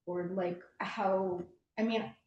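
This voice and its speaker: A woman in a class reading passages aloud and asking questions, steady when reading and hesitant when asking. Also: mid-range voice, slow, echoey room, dull audio.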